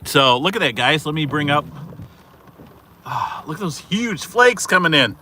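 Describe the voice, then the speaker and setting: Excited man vlogging outdoors. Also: on the high side, unhurried, slight background noise. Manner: excited, rambling, full of "uh" and exclamations. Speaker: weather channel host. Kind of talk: casual on-the-spot weather vlog. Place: outdoors in falling snow beside his car, rural neighborhood. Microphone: handheld camera.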